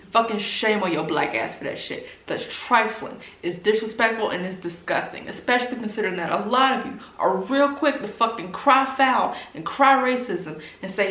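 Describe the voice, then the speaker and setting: A woman's voice: medium pitch, fairly bright tone. Furious profane woman ranting, roomy echo. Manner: blunt, heavy profanity, emphatic repetition. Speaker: BookTube creator. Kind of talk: angry direct-to-camera rant.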